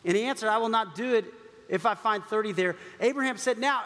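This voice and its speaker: A man's voice: high-pitched, animated, a little fast, fairly bright tone, in a large hall. A man preaching a sermon in a conversational way, with frequent asides and laughs. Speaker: pastor.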